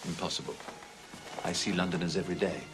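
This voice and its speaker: An actor playing a flamboyant, witty middle-aged Victorian writer who talks in florid, languid phrases. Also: male voice, sits low, fairly even intonation, quick pace, noisy background, close to an everyday voice. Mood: teasing. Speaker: celebrated writer and father. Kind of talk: period film acting.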